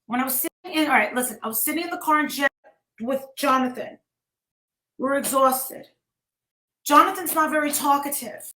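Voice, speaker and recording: A high-pitched woman tells a story on a livestream, rushed and emotional, often cutting herself off to tell her chat to stop. Her voice rings in a roomy, echoey space. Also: sharp tone. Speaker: vlogger retelling a story.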